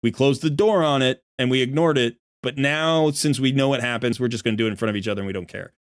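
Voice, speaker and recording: A man's voice: medium pitch, fast talker, clear, resonant tone, dry recording, clean studio sound. Rambling man chatting on a live stream. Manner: rambling, self-deprecating, laughs often. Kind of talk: casual live-stream chat. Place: home office desk. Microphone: desk microphone.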